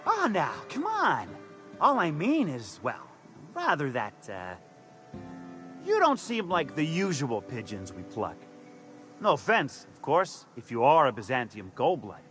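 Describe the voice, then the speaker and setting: A slick male con man in a video game who pitches crooked schemes in folksy slang. His voice sits a little high and swoops up and down as he sells. He stammers and backpedals whenever someone catches him out, and faint game music plays behind him. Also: huge pitch swings, a little slow, fairly bright tone, exaggerated voice. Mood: wheedling. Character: fast-talking male con man selling shady schemes. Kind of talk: video game character dialogue.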